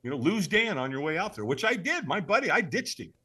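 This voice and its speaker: Animated, bright-voiced storytelling man. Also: high-pitched, fast, breathy edge. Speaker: podcast guest. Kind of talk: storytelling in an interview.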